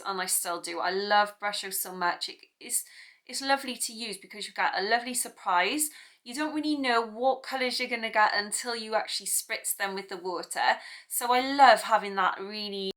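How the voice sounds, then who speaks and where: Bright chatty British woman. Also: medium pitch. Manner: chatty, self-deprecating, rambling asides. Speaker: art tutorial host. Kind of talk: casual chat to camera.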